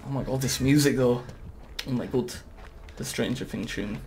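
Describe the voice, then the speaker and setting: A young man giving casual, excitable gameplay commentary, swearing often and talking back to the game. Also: medium pitch, fairly quick, vocal fry, slight background noise. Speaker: gaming YouTuber.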